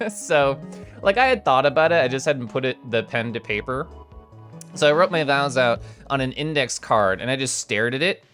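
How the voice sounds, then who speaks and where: A young adult livestreamer shows off fan art while chatting in a casual, playful way, getting excited, swearing now and then, and making little growly noises. The voice is mid-range at a moderate pace, with soft music in the background.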